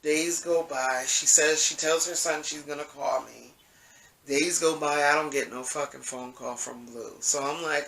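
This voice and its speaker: A man's voice: a little high, steady tone, measured pace, vocal fry, sharp tone. A man telling a story in a casual monologue, rambling and profane, often asking "you know what I'm saying". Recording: echoey room, mic at a distance.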